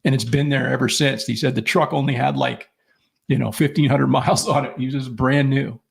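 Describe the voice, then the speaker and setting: A man's voice: mid-range voice, steady tone, brisk, creaky, slightly rough. A middle-aged man co-hosting a podcast, rambling through casual stories with lots of swearing and acted-out quotes. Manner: rambling storyteller, profane, acts out quoted people. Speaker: podcast co-host. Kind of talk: casual chat.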